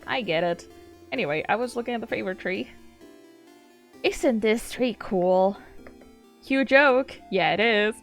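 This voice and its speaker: A woman streaming a game who reads story text softly and reacts with excited, sweary outbursts and frequent laughter. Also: mid-range voice, a little slow, long pauses, faint music behind. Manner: soft, hushed reading of story text. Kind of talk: casual let's-play commentary and reading game text aloud.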